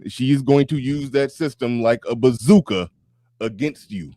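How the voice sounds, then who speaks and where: A man talking in a loose, animated podcast chat, laughing often and tripping over repeated words as he restarts. His voice sits at an ordinary middle pitch. The sound is dry and close, with no room around it. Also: a little slow, no room sound. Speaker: podcast guest.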